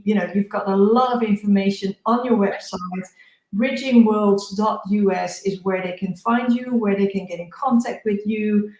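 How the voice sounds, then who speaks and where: A woman's voice: mid-range voice, darkish tone. Show host woman in an echoey room. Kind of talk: casual interview chat.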